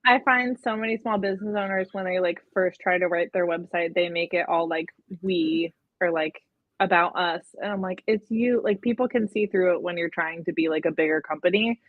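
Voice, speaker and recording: A woman's voice: lowish voice, steady tone, a little fast, no echo. Chatty woman on a tinny line. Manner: chatty, frequent "like" and "um". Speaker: guest, personal brand coach. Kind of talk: casual interview chat. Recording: tinny phone-like audio.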